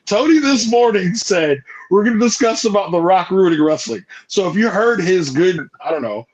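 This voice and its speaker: A man co-hosting a wrestling podcast, talking in a measured, halting way with many fillers. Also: high-pitched, animated, low-quality recording. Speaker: podcast co-host. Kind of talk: casual wrestling chat.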